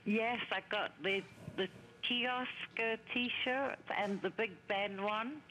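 A woman's voice: fairly high pitch, steady tone, slow, bright, forceful tone, a little hiss or hum, rough recording. An older woman from Scotland with a Scottish accent, calling in to a shopping show and chatting a little hesitantly. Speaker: caller. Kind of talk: phone call to a shopping show.

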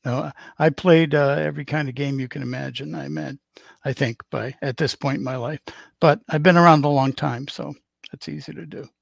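A man's voice: a little high, fairly even intonation, normal speed, creaky, no echo. A man in his seventies with a Boston accent, chatting as a stream guest and telling rambling, joking stories. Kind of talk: casual chat on a stream.

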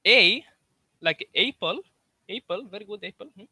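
A man makes a prank call, halting and repeating himself in a put-on foreign voice. His voice sits high and bright. The sound is close and dry, with no room to it. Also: expressive, dry recording. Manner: hesitant, mock-foreign caller voice. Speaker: prank caller.

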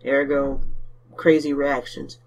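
A woman hosting a gaming channel who talks straight to her viewers in expressive let's play reaction commentary. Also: rumbling low, slow, slight background noise.

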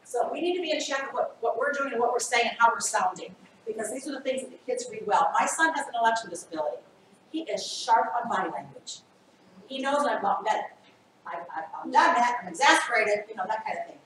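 A woman in her fifties presenting a training workshop, animated and acting out scenes as she talks. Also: a little high, quick pace, a little hiss or hum. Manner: animated, acts out scenarios. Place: school training room. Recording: echoey room from far off.

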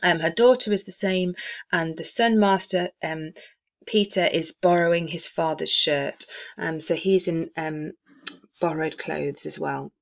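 A woman teacher walking students through a classic novel in a recorded lesson, speaking in a lowish voice. She fills her pauses with frequent "um"s as she explains. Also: steady tone, creaky. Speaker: English teacher.

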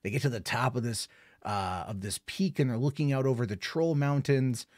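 A man's voice: medium pitch, normal speed, a little mellow, no room sound, studio quality. A man giving a casual spoken film review, rambling with lots of fillers and an amused tone.

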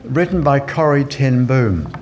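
A man's voice: mid-range voice, sing-song, a little slow, darkish tone, soft background music. A man from New Zealand preaching a sermon in church, telling anecdotes with chuckling asides and fillers.

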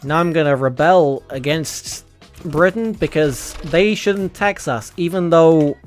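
A man doing a clumsy, exaggerated fake American accent, voicing a boastful mock patriot in a jokey, drawn-out way. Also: on the high side, faint music behind, close to an everyday voice.

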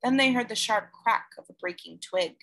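A woman narrating a novel aloud in a measured, clear storytelling manner. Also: a little high, fairly bright tone. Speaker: audiobook reader. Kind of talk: scripted narration.

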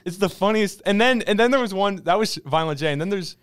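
A young man co-hosting a podcast in casual, rambling chat, acting out quotes in a high voice. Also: animated, fast talker, a bit bright, clear, resonant tone. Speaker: podcast co-host.

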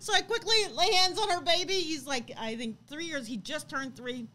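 A woman in her thirties co-hosting a casual chat, telling a story in an animated way and laughing as she acts out what people said. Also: very high voice, normal speed. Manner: animated, laughs while acting out quotes. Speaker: co-host.

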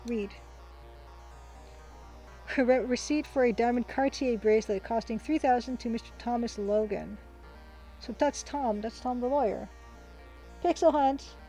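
A woman's voice: on the high side, a little slow, long pauses, dark tone, faint music behind, low-quality recording. A woman hosting a let's play, chatting casually, reading the game's text aloud and laughing often. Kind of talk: casual gameplay commentary.

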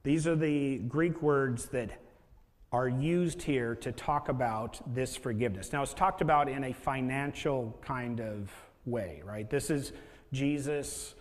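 A man's voice: medium pitch, slow. Pastor guy preaching easy and chatty, keeps asking "right?", mid voice, long echo off a big hall. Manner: conversational preaching with rhetorical questions. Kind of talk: sermon.

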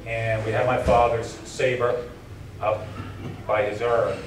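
A man's voice: fairly low pitch, flat delivery, slow pace, a little hiss or hum. A man giving an emotional keynote speech at a banquet, telling personal stories with a voice that drops and catches at tender moments. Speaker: keynote speaker. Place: banquet hall. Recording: roomy hall recording from a distance.

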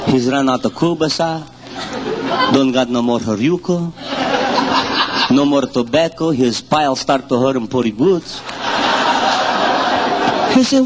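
Animated Ukrainian-Canadian comic storyteller man. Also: a little high. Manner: broken English, lively storyteller's delivery. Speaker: stand-up comedian. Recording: hissy 1978 live comedy album.

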